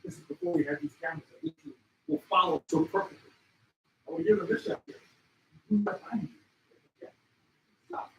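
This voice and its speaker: High-voiced excitable man telling wild stories. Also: fairly quick, gravelly, long pauses, echoey room, far from the mic, slight background noise, rough recording. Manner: excitable, shouts at peaks, acts out animals. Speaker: wildlife photographer giving a talk. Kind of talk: animated storytelling presentation. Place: expo hall. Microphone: handheld mic.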